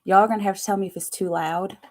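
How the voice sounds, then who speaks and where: A woman hosting a live tarot stream, chatting casually with viewers, excitable and quick to laugh, sometimes dropping to a near-whisper. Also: medium pitch.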